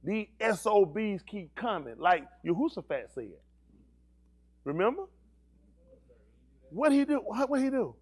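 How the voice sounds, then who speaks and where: A man's voice: high voice, a little slow, pauses often, slightly rough. A male pastor preaching a sermon, asking the congregation questions and teasing them in slang. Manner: animated preaching with call-and-response questions and slang.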